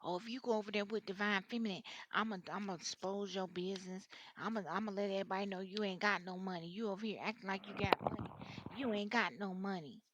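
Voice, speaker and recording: A woman's voice: mid-range voice, steady tone, fast talker, a bit bright, highs cut off, a little hiss or hum, lightly acted. A woman voicing a spiteful partner who threatens to expose her man. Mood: taunting. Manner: taunting, threatening.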